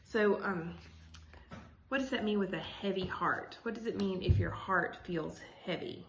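A woman's voice: medium pitch, a little slow, gravelly, noisy background. A woman teacher reading a children's chapter book aloud, stopping to explain in a casual way with many fillers. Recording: echoey room.

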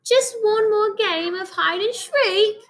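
A woman's voice: takes it slowly, fairly bright tone, full character voice. A woman putting on a British-accented baby mummy. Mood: pleading. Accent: British, put on. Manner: high, pleading childlike voice. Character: little baby boy mummy, scared and pleading.

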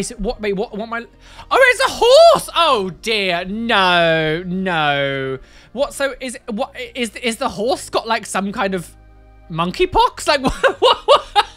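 Animated, laughing woman reacting. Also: on the high side. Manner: animated, exclaiming, laughing, slangy asides. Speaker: YouTuber reacting to tattoo photos. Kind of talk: casual reaction commentary.

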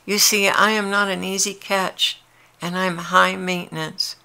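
A woman's voice: mid-range voice, level tone, a little slow, creaky. A woman voicing Jesus as a tender, longing man who speaks earnestly to his brides in a devotional dialogue. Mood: pleading. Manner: earnest, intimate, gently pleading.

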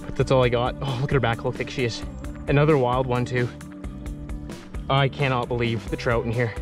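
A young man from Saskatchewan, vlogging casually while wading in a weedy creek, often breaking into excited exclamations. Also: medium pitch, fairly quick, over music. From Saskatchewan, Canada. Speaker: fishing vlogger. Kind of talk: casual outdoor vlog narration. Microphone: phone camera.

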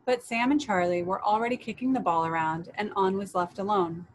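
A woman reads a children's story aloud, gentle and soothing, with a mid-range voice. A faint hum of room noise sits underneath. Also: mid-range voice, brisk, low-quality recording. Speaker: children's story and meditation leader. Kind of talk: storybook reading.

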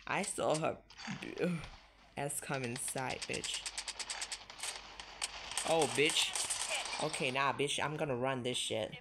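Brief: foul-mouthed mobile-shooter streamer, unhurried delivery, noisy lo-fi recording with clicks. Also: medium pitch. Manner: profane, swears constantly, excitable outbursts. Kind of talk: live gameplay commentary.

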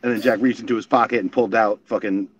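A man's voice: lowish voice, fairly even intonation, quick pace, slight background noise. A man telling rambling, profane wrestling stories as a guest in a casual chat. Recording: dull lo-fi stream audio.

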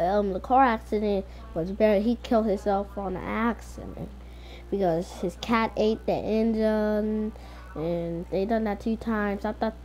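Rambling woman telling a game story. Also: medium pitch. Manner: rambling, hesitant with many ums. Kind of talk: casual role-play game story.

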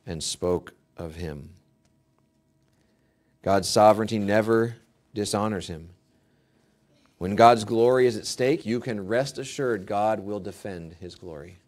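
A male pastor preaching a sermon, emphatic and rising to forceful peaks, acting out quoted prayers with mock pleading. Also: fairly low pitch, takes it slowly, long pauses.

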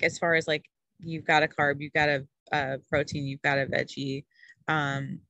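A woman's voice: sits low, pushed and bright, no room sound, rough recording. Woman food coach, rambling and chatty, slightly breathless on a dry video-call mic. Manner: chatty, rambling, lots of fillers. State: yawning, short of breath. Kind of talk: casual group video call.

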